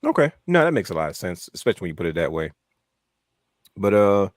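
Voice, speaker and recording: Low-voiced animated wrestling podcast host. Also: male voice, fast, no room sound, studio quality. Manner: animated storyteller, acts out his own thoughts. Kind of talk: casual wrestling chat.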